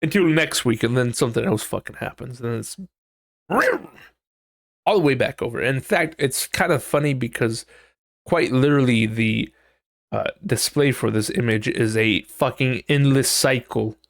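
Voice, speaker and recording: Here a podcast host speaks at a moderate pace in a medium pitch, with some vocal fry and a clean studio sound free of room noise. Running the show alone and casually, he muses as he reads, swears without restraint, and does over-the-top voices for anyone he quotes.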